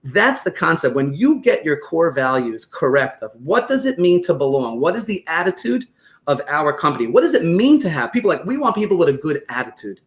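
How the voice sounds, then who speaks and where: A man with a New York accent, a guest on a podcast interview, explaining business ideas through animated stories and acted-out quotes. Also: a little high, moderate pace. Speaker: guest expert on business operations.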